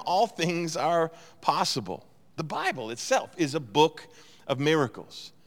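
Smooth-voiced pastor preaching in a reverberant hall. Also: male voice, a little high. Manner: earnest, conversational preaching with emphatic rises. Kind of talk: sermon.

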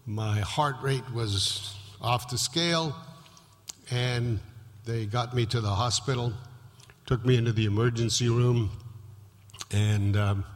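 A pastor shares a personal testimony from the pulpit, his mid-pitched male voice relaxed and conversational. His account carries a lingering hall reverb. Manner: conversational, vivid storytelling. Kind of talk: sermon testimony storytelling.

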